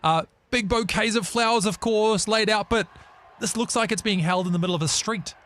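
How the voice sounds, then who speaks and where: A man's voice: sits high, brisk, fairly bright tone. A man co-hosting a casual news chat show, joking and bantering. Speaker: radio co-host.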